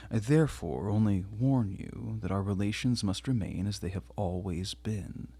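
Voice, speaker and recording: Cold, rigid middle-aged husband, voiced by a male audiobook reader; husky, low, formal and emphatic. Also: mellow, no echo, full character voice. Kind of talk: audiobook character reading.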